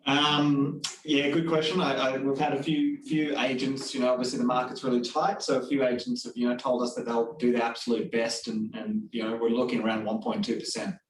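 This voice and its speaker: A man's voice: medium pitch, fairly quick, hardly any pauses, recorded from a distance. A man playing a home seller in a sales role-play, answering hesitantly with many fillers. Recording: echoey room from off-mic.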